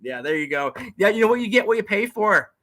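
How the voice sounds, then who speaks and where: Guy hosting a chatty show, rambles a lot, kinda high bright voice. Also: sing-song. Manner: rambling, repeats words, talks fast. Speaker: host. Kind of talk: casual chat.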